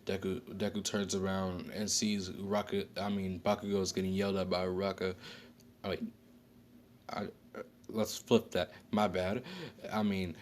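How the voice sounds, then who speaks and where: A man's voice: low-pitched, level tone, moderate pace, slight background noise. A man casually telling an improvised story, rambling with slang, fillers and frequent self-corrections.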